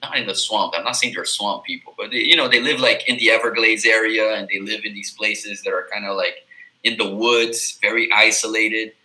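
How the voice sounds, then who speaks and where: A man's voice: fairly low pitch, steady tone, a little fast, bright, forceful tone, low-quality recording. A man from Miami, a native English tutor, talking loosely in a casual live chat, full of "like" and "you know". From Miami, USA.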